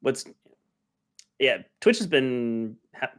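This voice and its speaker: A man co-hosting a livestream, chatting casually in a relaxed, agreeable way. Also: medium pitch, slow pace. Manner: relaxed, agreeable, backchannels often. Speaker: co-host.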